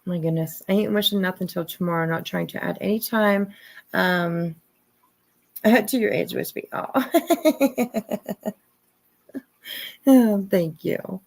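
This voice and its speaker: A woman's voice: medium pitch, slow, creaky, pauses often, darkish tone. A woman in her fifties hosting a casual livestream, chatting with viewers, thanking them by name and laughing often. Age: 50s. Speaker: livestream host. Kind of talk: casual live chat with viewers.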